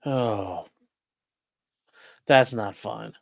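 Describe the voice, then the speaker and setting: A man's voice: on the low side, extremely slow, vocal fry. A man who is a lawyer chats casually on a livestream, joking and reading viewer comments aloud.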